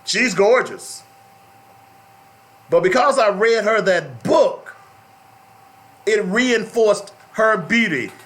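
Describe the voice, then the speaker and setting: A man's voice: high voice, expressive, slow, long pauses, fairly bright tone. A middle-aged man hosting a talk radio show, speaking in an emphatic, preachy way and repeating phrases for stress.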